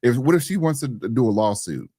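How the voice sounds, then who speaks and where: A man's voice: mid-range voice, big pitch swings, a little fast, mellow, husky, no echo, studio quality. A man co-hosting a podcast, talking bluntly and animatedly with loose slang. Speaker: podcast co-host. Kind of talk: casual podcast chat.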